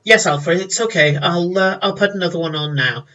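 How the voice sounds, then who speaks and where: A man's voice: high-pitched, moderate pace, sharp tone, far from the mic, lo-fi sound, pitched above the performer's own voice. A man voicing a patient young woman who answers an old man in soothing, hesitant tones.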